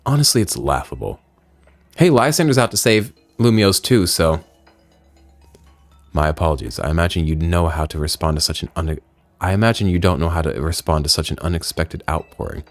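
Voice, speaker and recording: A man reading out a video game's dialogue in a put-on deep voice, playing a solemn former member of a villain group. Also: animated, fairly quick, dry recording, faint music behind. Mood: grave. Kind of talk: reading game dialogue aloud.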